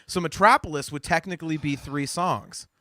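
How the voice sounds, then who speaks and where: A man hosting a casual podcast chat, animated and teasing, often laughing. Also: on the high side, normal speed. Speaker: podcast host.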